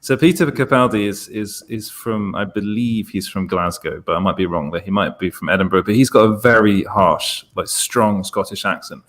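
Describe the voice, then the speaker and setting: A man's voice: on the low side, moderate pace, hardly any pauses, fairly bright tone. A man from England with an English accent, chatting casually on a panel and stumbling over restarts. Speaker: podcast panelist. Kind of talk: casual group chat.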